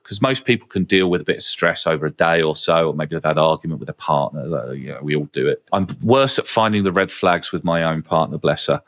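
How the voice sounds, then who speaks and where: This man hosts a podcast, sharing casual conversational anecdotes frankly, sprinkled with fillers and the odd curse. He has a deep, slightly bright voice.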